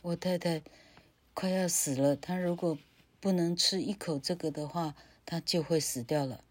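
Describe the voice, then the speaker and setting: A woman's voice: on the low side, a little slow, dry recording. A woman voicing a frightened husband who stammers and begs a witch in a storybook reading. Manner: stammering, pleading.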